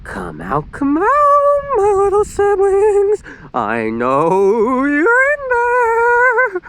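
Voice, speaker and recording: A man's voice: extremely high pitch, huge pitch swings, drawn-out words, a bit bright, slight background noise, voice pushed up, exaggerated voice. A man voicing a gleeful teenage girl prankster who taunts in a sing-song tone. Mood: taunting.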